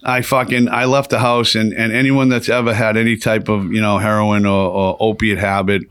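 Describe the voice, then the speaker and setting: A man's voice: on the low side, flat delivery, moderate pace, fairly bright tone, clear, resonant tone, dry recording. A man telling a rambling, profane story in casual conversation as a podcast guest.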